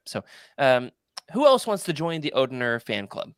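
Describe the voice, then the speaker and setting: Animated man hosting a podcast roundtable. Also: normal speed, clean tone, no room sound, studio quality. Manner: animated, emphatic, swings pitch for emphasis. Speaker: podcast host. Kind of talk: casual roundtable chat.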